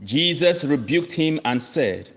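Male preacher, slightly high, very animated pitch, emphatic repetition, sermon cadence. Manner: slow, emphatic, repeats key phrases; addresses listeners as friends. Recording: long reverb of a large hall.

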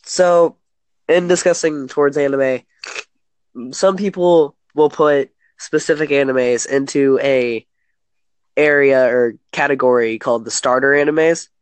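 A man from Kentucky, USA, with an American accent chats casually, rambling and often restarting his sentences. His mid-range voice is smooth, steady, and unhurried, with no room sound.

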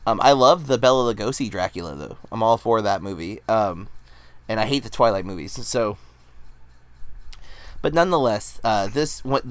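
A man hosting a casual movie podcast, rambling with frequent ums and restarts. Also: lowish voice. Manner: rambling, restarts often, says um a lot. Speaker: podcast host.

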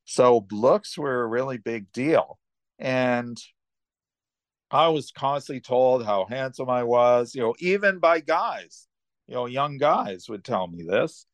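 A man's voice: mid-range voice, expressive, slow pace, no room sound. An older man, casually telling rambling personal travel stories as a podcast host, full of restarts and asides. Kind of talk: casual storytelling.

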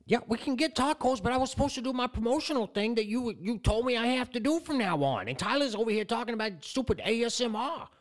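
A man's voice: very high voice, animated, fast, hardly any pauses. A young man co-hosting a casual comedy podcast, exasperated and stammering, often repeating his words. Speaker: podcast co-host.

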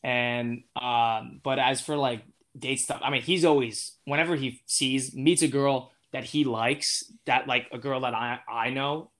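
A man's voice: mid-range voice, steady tone, measured pace, fairly bright tone. A young man as an interview guest, talking in a casual, rambling way with lots of fillers and restarts. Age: young adult.

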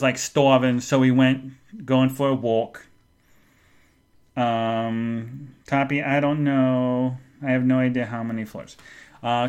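A man's voice: mid-range voice, fairly bright tone, clear, resonant tone. A man hosting a podcast, telling a long casual story in a chatty, rambling way and acting out the voices he quotes. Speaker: podcast host.

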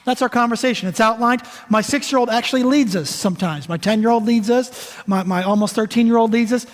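A man's voice: very high voice, brisk. A man in his thirties preaching a sermon as a guest pastor, casual and joking with the congregation. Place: church sanctuary. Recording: long hall reverb.

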